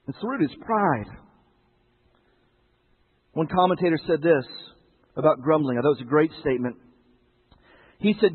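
A male pastor with a high, husky voice talks through his sermon like a conversation, peppering it with rhetorical questions. The sound is thin and tinny, as if it came over a narrow broadcast line. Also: lively intonation, moderate pace, long pauses.

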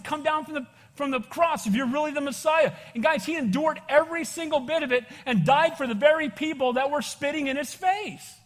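Man preaching a sermon, high voice, long church-hall reverb, casual, calls for amens. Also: fairly bright tone. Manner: casual slang, says "bro". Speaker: pastor.

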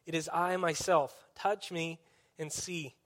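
A man's voice: fairly high pitch, fairly even intonation, slow. A man as a pastor, preaching a sermon in an earnest, conversational storytelling way.

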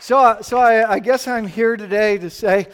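A man preaching a sermon to a congregation in an emphatic, animated way. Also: sits high, normal speed, some chatter behind, a little hiss or hum. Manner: animated, emphatic preaching with playful acted-out voices. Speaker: pastor.

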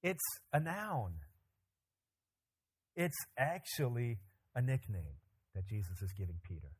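A pastor preaching a sermon, animated and joking, with loud emphatic climbs in his voice. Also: mid-range voice, slow pace, breathy edge.

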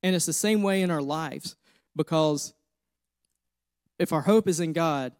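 A man's voice: on the high side, measured pace, clear, resonant tone, dry recording. A man in his thirties preaching a sermon, telling a personal story of suffering and faith, with many repeated phrases. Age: 30s. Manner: personal testimony, grows emotional and louder. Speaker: pastor. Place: church.

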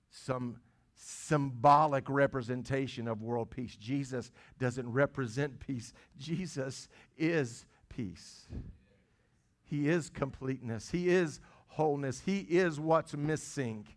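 A man's voice: medium pitch, takes it slowly. A middle-aged man, a pastor, preaching a sermon in a conversational way, with stammered restarts and phrases repeated for stress.

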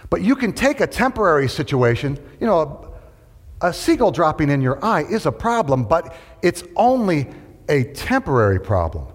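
A man's voice: on the high side, normal speed. A man preaching a sermon to a room full of people, asking questions and having them answer back. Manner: animated, rhetorical questions and call-and-response. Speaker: pastor. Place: large hall with an audience. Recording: long hall reverb.

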